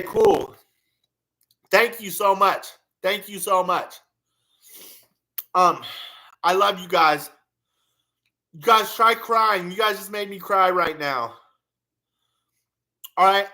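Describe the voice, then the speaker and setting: A man's voice: sits high, sharp tone, reverberant, poor audio. A man gushing emotionally on a livestream, thanking his subscribers in an effusive, sing-song way. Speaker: channel owner thanking subscribers.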